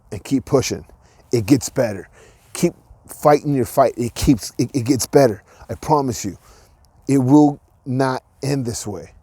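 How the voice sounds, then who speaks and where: A man with a dark, mid-range voice and no echo runs a casual one-man podcast. He wanders through his thoughts with many restarts and filler words, staying earnest and encouraging throughout.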